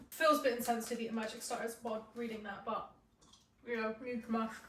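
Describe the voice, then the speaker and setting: A woman's voice: fairly high pitch, little pitch movement, a little fast, fairly bright tone, a little hiss or hum. A young woman, chatting to camera as a book vlogger in a chatty, giggly way. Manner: chatty and giggly, with many fillers. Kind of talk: casual chat to camera.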